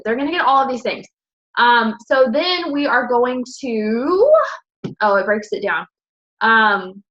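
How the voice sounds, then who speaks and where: Bright-voiced young woman, chatty and upbeat. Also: fairly high pitch, dull audio. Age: 20s. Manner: chatty, upbeat, many fillers and self-corrections. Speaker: team leader presenting to her sales team. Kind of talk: casual presentation to her team.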